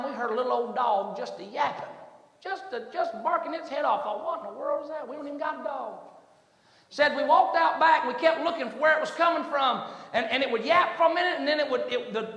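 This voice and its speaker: A man preaching a sermon, telling a folksy story that builds into shouted preaching. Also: very high-pitched, a little fast. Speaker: pastor. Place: church sanctuary. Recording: echoey hall with long reverb.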